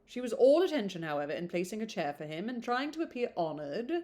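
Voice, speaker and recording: A woman's voice: medium pitch, big pitch swings, fast talker, a little mellow. A woman reading a classic novel aloud, often breaking off to chat and laugh about it. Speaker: book reader.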